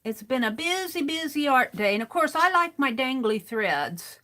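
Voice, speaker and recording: A woman with a high-pitched, bright, forceful voice talks at a moderate pace and is very animated. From her desk she hosts a casual art livestream, chatting to viewers while narrating what she's making.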